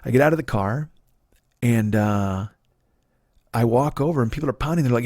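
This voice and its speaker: In this storytelling monologue, a man in his 40s, a comedian, spins a lengthy, foul-mouthed tale that builds into ranting, with quoted lines shouted out. He sounds animated, mid-range and quick, on a dry, studio-quality recording.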